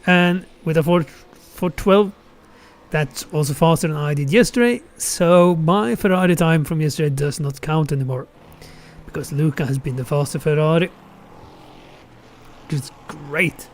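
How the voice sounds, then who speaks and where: Man, racing stream commentator, casual, self-correcting, talks through lap times aloud, slightly high voice. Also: moderate pace. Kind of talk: live racing game commentary.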